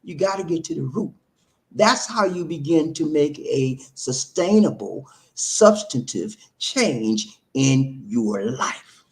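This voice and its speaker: Emphatic preachy man, higher voice. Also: very animated, takes it slowly, darkish tone. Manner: emphatic, repetitive, rhetorical questions, street-talk phrasing. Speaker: relationship talk host. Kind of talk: preachy motivational monologue.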